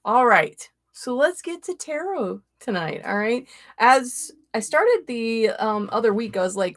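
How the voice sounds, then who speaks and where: A woman's voice: fairly high pitch, very animated, measured pace, a bit bright, no echo. A woman hosting a casual livestream as a tarot reader, chatting with viewers, greeting them by name and laughing often. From Florida.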